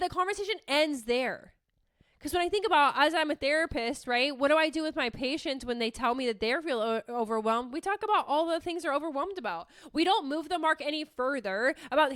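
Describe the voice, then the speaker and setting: Profane, animated woman podcaster. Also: high voice, no room sound, clean studio sound. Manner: profane, animated, self-mocking. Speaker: podcast host, therapist. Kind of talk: candid casual monologue.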